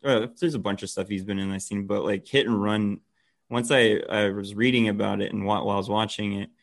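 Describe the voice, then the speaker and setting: A man chatting casually on a podcast in a relaxed, hesitant, offhand way. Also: on the low side, fairly quick, vocal fry. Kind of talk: casual chat.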